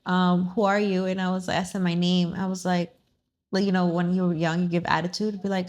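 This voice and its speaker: Twenty-something woman just chatting, telling a story all animated, slipping into spanish here and there. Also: lowish voice, fairly quick. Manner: animated storyteller, acts out quotes, mixes in Spanish phrases. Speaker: vlog host. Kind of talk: casual storytelling chat.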